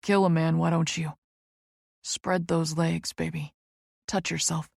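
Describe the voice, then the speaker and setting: A woman voicing a confident, commanding young male lover in an audiobook, speaking in a low, dominant, teasing way. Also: little pitch movement, slow, vocal fry, a little mellow, husky, dry recording, clean studio sound, exaggerated voice.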